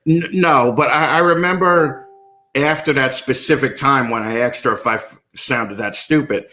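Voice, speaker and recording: A man with a New York accent, speaking at medium pitch and normal speed, has a bright, forceful tone. He's a podcast guest on a video call, and his casual chat is profane and rambling, with plenty of jokes at his own expense.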